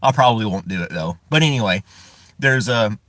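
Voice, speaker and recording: A talkative man from the United States chats through a live stream, his pitch moving up and down a lot. He often breaks into chuckles as he rambles. The sound is dry and close, as if he is sitting inside his parked car. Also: animated, brisk, a bit bright, dry recording. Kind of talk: casual live-stream chat.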